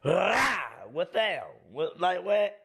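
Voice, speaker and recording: A man doing a high barking bully. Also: big pitch swings, takes it slowly, a bit bright, slightly rough, heavily acted. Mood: taunting. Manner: taunting, barking, crude. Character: hostile grown man barking threats.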